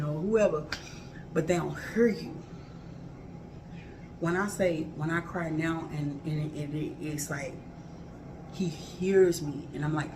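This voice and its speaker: A woman's voice: deep voice, moderate pace, background noise. A woman in her thirties chatting candidly and emphatically to her viewers in her kitchen, talking in a loose colloquial way and repeating herself for emphasis. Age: 30s. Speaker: vlogger. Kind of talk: casual chat to viewers while cooking. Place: home kitchen.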